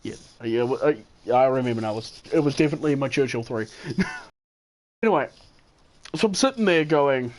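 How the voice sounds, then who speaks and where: A man's voice: a little high, lively intonation, normal speed, long pauses. A man telling a gaming story in a casual, rambling way, chuckling and correcting himself as he goes. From New Zealand. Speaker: gaming channel host. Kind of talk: casual storytelling gameplay commentary.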